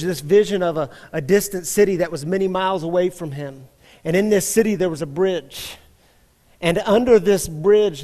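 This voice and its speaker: Pastor guy preaching, fairly high voice, long churchy reverb. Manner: earnest storytelling, builds intensity then drops soft. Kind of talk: sermon. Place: church sanctuary.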